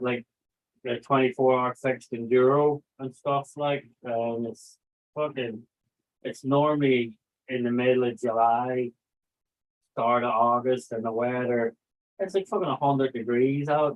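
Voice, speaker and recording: Male stream host, loose rambling talk full of swearing, reads chat aloud; tinny phone-like audio. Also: mid-range voice. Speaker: livestream host. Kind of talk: casual livestream chat.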